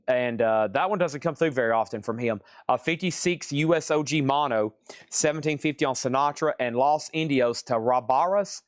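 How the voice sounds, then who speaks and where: A man hosting a live vinyl sale stream, quickly listing records, grades and prices, worn out after hours of nonstop talking. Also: medium pitch, dry recording, studio quality. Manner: rapid-fire listing of records and prices, tired. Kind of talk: live sales stream patter.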